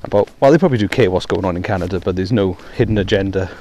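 Out walking in a downpour, a man from Wales talks through his own podcast on a hands-free headset, rambling, putting himself down, and saying um a lot. He has a deep, darkish voice and speaks at a racing pace, with slight background noise.

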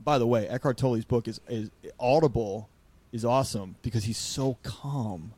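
A man hosting a podcast, talking in a rambling, animated way and acting out quotes. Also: mid-range voice, normal speed. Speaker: podcast host. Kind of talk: casual podcast conversation.

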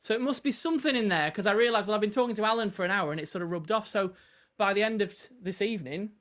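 A man's voice: high voice, a bit bright. A man from north-west England, a Baptist minister, chatting as a podcast guest and telling anecdotes while acting out the lines of the people in them. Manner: rapid anecdotal storytelling, acts out quoted lines. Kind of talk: casual podcast chat, storytelling.

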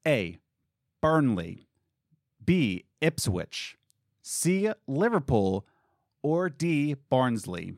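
A man's voice: mid-range voice, very slow, long pauses, dry recording, studio quality. A man hosting a casual podcast, reading out quiz questions and joking with his guests. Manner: animated, laughing, quizzing a guest. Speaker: podcast host.

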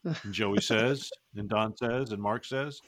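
A man's voice: fairly low pitch, slow pace, a bit bright, dry recording. A man hosting a casual podcast chat, joking, rambling and laughing often. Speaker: podcast host.

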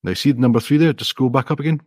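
A man's voice: mid-range voice, quick pace, dry recording, studio quality. A man, an indie app developer, explaining his approach step by step in a friendly, modest way during a casual interview.

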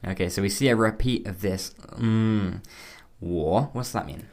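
A man's voice: on the low side, normal speed, a little mellow. A man co-hosting a Mandarin lesson podcast, asking questions and spelling out pinyin and tones. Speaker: co-host learner.

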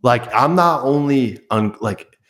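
A man's voice: mid-range voice, animated, slow pace, a bit bright. A man co-hosting a podcast in casual chat, easygoing and blunt in his banter. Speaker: podcast co-host.

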